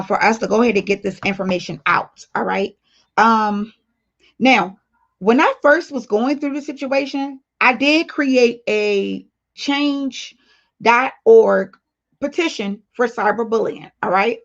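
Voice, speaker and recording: Woman streamer chatting w her viewers, kinda high voice, blunt and playful, dull lo-fi audio. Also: measured pace. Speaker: livestream host. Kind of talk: casual livestream chat reading comments.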